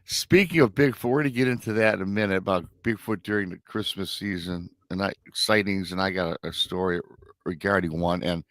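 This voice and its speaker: A Michigan man hosts a live talk show, chatting casually and often restarting his sentences. His voice is low-pitched and fairly bright, and he talks fairly quickly. The sound is studio quality with no echo.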